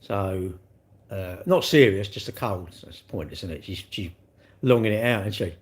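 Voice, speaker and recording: A man's voice: deep voice, moderate pace. Older man teasing his chat. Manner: blunt, teasing banter with chat. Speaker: livestreamer. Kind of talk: casual live-stream chat.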